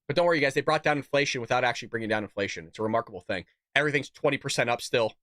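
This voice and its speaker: A man's voice: mid-range voice, very fast, a bit bright, no echo, studio quality. A male show host giving a sarcastic, indignant political rant, sick and coughing. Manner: sarcastic, indignant, rhetorical questions.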